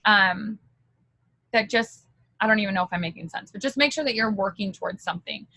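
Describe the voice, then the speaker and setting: A woman's voice: medium pitch, fairly quick, bright, forceful tone, no echo, poor audio. A woman giving a candid motivational talk as a direct-sales team leader, chatty and full of fillers.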